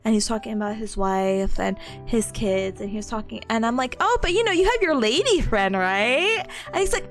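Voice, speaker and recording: A young woman streamer tells a story in casual chat, her high voice swooping up and down as she acts out the lines. She laughs often along the way. Faint music plays quietly behind her. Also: normal speed. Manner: animated storytelling, frequent laughs, acts out quotes.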